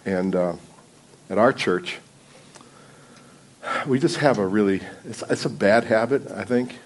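A man's voice: fairly low pitch, a little slow. A man speaking as guest preacher in a church, telling loose, self-deprecating stories and laughing often. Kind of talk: casual sermon opening with stories. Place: church sanctuary before a congregation.

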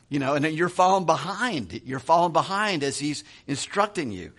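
A middle-aged man preaching a sermon in a relaxed, conversational way, chuckling now and then and often repeating words as he goes. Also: a little high, normal speed, hardly any pauses. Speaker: pastor.

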